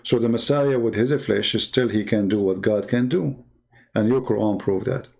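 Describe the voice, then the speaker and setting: A man's voice: fairly low pitch, moderate pace, creaky, darkish tone. A man arguing in a debate, firing mocking rhetorical questions in English with non-native grammar. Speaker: Christian debater. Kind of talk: argumentative debate talk.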